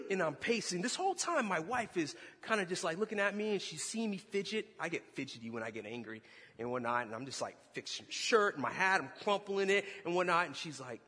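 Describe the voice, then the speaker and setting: A man preaching a sermon, telling a story with animated energy and shouting at its peaks. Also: fairly high pitch, fairly quick, slightly rough. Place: church hall. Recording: long hall reverb.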